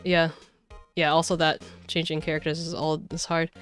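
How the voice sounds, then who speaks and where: Smooth-voiced woman streamer chatting casually. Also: low-pitched, level tone, normal speed, soft background music. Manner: chatty, rambling, many fillers. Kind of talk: casual chat while playing a game.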